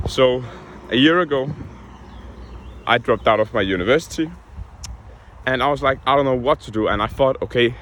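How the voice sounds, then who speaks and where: A man's voice: mid-range voice, normal speed, fairly bright tone. Young man venting in a casual vlog. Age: young adult. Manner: frank, heated, swears often. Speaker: vlogger.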